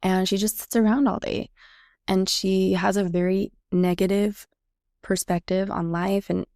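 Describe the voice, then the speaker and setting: A woman hosts her own podcast and tells a personal story in a casual, chatty way, slipping into the voices of the people in it. Her voice has a gravelly, fry-tinged edge. The sound is dry and close, with no room echo. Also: medium pitch, little pitch movement, a little slow, a little mellow. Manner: chatty, reenacts quoted dialogue. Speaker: podcast host.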